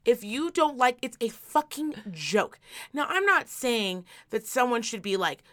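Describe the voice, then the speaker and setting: Animated, profane woman podcast host. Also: fairly high pitch, measured pace. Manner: animated storytelling, emphatic repetition, profane. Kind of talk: casual chat.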